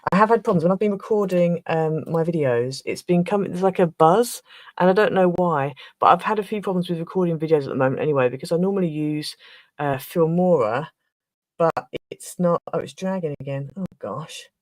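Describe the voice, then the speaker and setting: A woman hosting a craft livestream in casual chat, flustered and restarting her sentences, with a slightly rough throat. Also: lowish voice, a little fast, no room sound, rough recording. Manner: chatty, flustered, trailing off and restarting.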